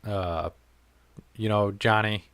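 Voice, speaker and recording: Taking it slowly in a fairly low voice, a podcast host tells a story during casual talk, recorded with no room sound. He curses liberally and performs the lines people said with animation.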